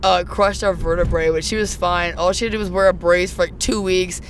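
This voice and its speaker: A young woman telling personal stories as a guest in casual chat. She is animated and profane, and shouts when reenacting her own outbursts. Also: fairly low pitch, a little fast, slight background noise. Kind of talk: casual storytelling.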